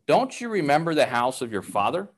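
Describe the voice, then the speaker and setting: A man voicing a calm, patient eldest brother who speaks softly and gently, with a lively pitch. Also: a little fast. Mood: gentle. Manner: soft, patient.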